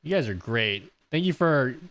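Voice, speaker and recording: A man's voice: medium pitch, animated, normal speed, fairly bright tone, no room sound. A man live-streaming a casual question-and-answer session, joking, laughing and reading his chat aloud from a close desk mic. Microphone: close desk mic on an audio mixer.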